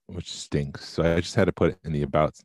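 A man with a very low, deep voice co-hosts a casual podcast, sounding tired and a little slow to find his words. He rambles easily through plans and news with lots of ums. The recording is dry and close, with no room sound. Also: dry recording. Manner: relaxed, rambling, with fillers. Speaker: podcast co-host.

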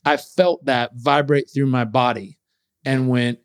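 A man telling a personal story as an interview guest, animated and acting out what others said. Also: mid-range voice, unhurried, no echo, studio quality.

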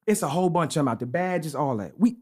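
Fast, animated man telling a story. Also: a little high, husky. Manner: slangy, animated anecdote telling with repeated "bro". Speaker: podcast co-host. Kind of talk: casual storytelling chat.

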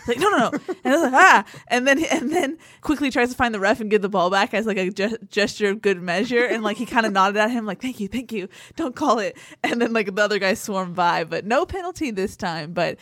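Female co-host, mid-range voice, animated sideline anecdotes, dry studio sound. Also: mid-range voice, brisk, few pauses, no echo. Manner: lively storyteller, acts out quotes. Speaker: podcast co-host, sideline reporter. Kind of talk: casual sports podcast chat. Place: podcast studio.

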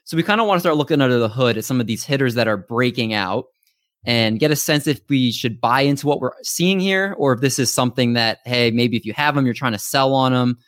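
A man's voice: medium pitch, brisk, a bit bright, no echo, clean studio sound. A man hosting a podcast, chatting casually with upbeat, hyped introductions over a remote call mic. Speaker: podcast host.

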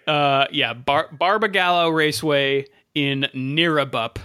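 Bright-voiced man reading race listings. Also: on the high side, unhurried, smooth. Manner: reads standings and race listings with frequent "uh" and self-corrections. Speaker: podcast co-host. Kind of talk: casual motorsport podcast chat.

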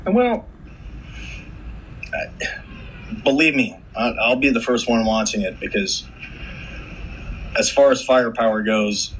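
A man's voice: medium pitch, animated, slow, long pauses, slight background noise, poor audio. A man who once served on a tank crew, joking and swearing freely as a podcast guest. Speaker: guest, former tank crewman. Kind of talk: casual chat.

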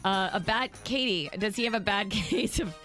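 A woman co-hosting a morning radio show, reading listener texts and trading quick, sassy banter in a radio studio. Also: medium pitch, fairly bright tone, faint music behind.

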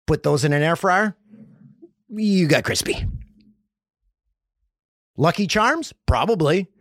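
A man's voice: on the high side, dry recording, clean studio sound. A man hosting a podcast, from Canada, telling rambling jokey stories in a casual comedic monologue. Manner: rambling, jokey storytelling with lively swings. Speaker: podcast host.

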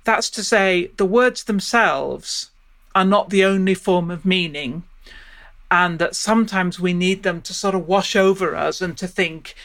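This woman's lowish, slightly bright voice moves at a measured pace. A Shakespeare professor being interviewed, she reasons out loud and keeps cutting herself off to restart.

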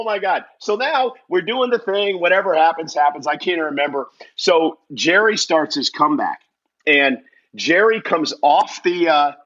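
In a casual interview, a male guest with a voice on the high side spins a lively story at his own expense, imitating the voices of the characters. The recording's highs are cut off.

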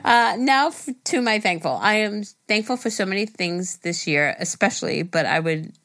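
A woman's voice: lowish voice, normal speed, fairly bright tone. A woman co-hosting a casual podcast who laughs easily and reads listener emails aloud with playful emphasis. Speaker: podcast co-host.

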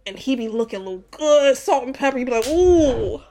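A woman's voice: on the high side, fast talker, a little mellow, slight background noise. A young woman guesting on a casual pop-culture podcast, talking bluntly and playfully in slang.

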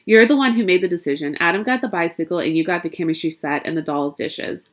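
A woman's voice: fairly low pitch, fast talker, close to an everyday voice. An exasperated mother from a spooky storybook, speaking impatiently and brushing off her daughter's question, as a woman reads her lines. Her voice sounds tired and curt.

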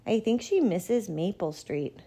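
A woman voicing an eager, hopeful little girl in a storybook reading, pitched high. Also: animated, a little slow, gravelly, husky, heavily acted. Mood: earnest. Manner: high, bright and pleading.

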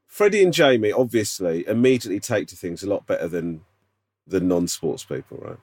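Man, podcast co-host, teasing, questioning, animated pitch, dry close sound. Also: no room sound. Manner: teasing, incredulous questions, quick restarts. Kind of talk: casual chat.

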